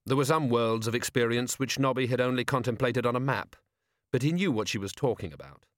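A man's voice: mid-range voice, brisk, no room sound. Male novel narrator, wry dry delivery, very close and dry sound. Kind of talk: audiobook narration.

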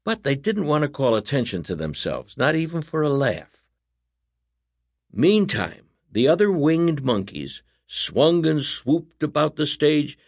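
Lively male storybook narrator. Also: mid-range voice, gravelly, slightly rough, no room sound, studio quality. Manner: animated, expressive reading.

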